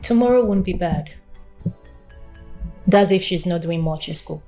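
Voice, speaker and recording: A woman's voice: fairly low pitch, dark tone, soft background music. A woman playing a firm, insistent visitor in a film drama. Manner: insistent, brisk. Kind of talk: Nollywood film acting.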